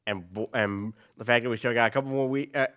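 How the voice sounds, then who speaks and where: A man co-hosting a laid-back sports talk show, with a very bright, forceful tone at a mid pitch. He is easygoing, drops in quick asides and lets his sentences run on. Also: fairly even intonation, clean tone. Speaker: sports podcast co-host. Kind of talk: casual sports chat.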